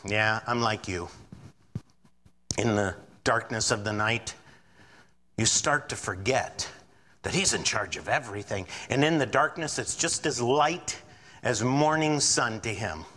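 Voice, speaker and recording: A man's voice: medium pitch, a little slow, long reverb tail. A man preaching a sermon as pastor, acting out the voices of doubters and worriers as he goes. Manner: animated preaching, acts out quoted doubters.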